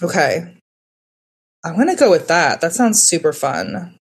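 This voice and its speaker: A woman guesting on a podcast in casual chat, playful, with quick teasing retorts. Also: deep voice, sing-song, breathy edge.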